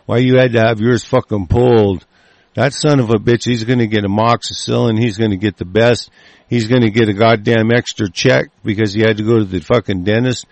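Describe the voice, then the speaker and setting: A man's voice: medium pitch, gravelly, a little mellow, dry recording. A man in an angry, profane rant as he reads out a news article and breaks off with stammering restarts. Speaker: political ranter reading a news article.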